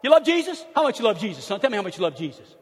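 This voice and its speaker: Brief: older Italian dad as a man puts him on, booming, husky, insistent, echoing hall. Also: very animated, rapid-fire, exaggerated voice. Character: loud eager older Italian father quizzing his son.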